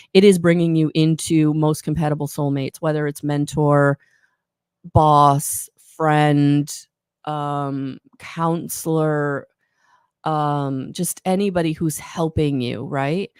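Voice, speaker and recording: A woman's voice: sits low, fairly even intonation, a little slow, darkish tone, clean tone, dry recording, clean studio sound. A woman giving a live oracle card reading, rambling and encouraging, often correcting herself mid-sentence. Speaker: intuitive card reader.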